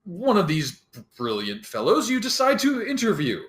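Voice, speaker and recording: A man narrating as dungeon master of a tabletop game, relaxed and rambling, often breaking into laughter. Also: high-pitched, moderate pace, reverberant.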